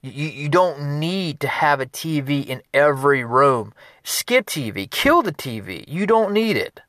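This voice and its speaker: A man, a business consultant, giving an energetic motivational talk in a conversational, repetitive way. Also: fairly high pitch, a little slow, dry recording, studio quality.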